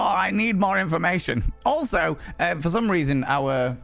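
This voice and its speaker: Man, streamer, camp and theatrical, fairly high voice, gravelly. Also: moderate pace, a bit bright, dry recording, faint music behind. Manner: theatrical, camp, grandiose flourishes. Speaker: streamer and cabaret host. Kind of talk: flamboyant live-stream chat.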